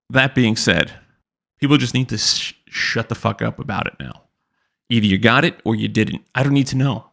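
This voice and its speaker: Brief: young male podcast host, gravelly, profane and blunt, casual rant delivery. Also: medium pitch, fairly quick, fairly bright tone. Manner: blunt, profane, mocking impressions. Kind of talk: profane ranting commentary.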